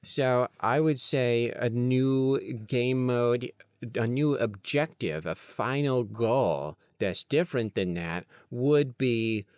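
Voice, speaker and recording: A man talks through his own podcast in a loose, playful ramble, chasing ideas out loud as they come. His voice sits in a middle pitch, recorded close on a desk mic with a dry, deadened sound. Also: slow, clear, resonant tone, dry recording. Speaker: podcast host. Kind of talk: casual solo podcast talk.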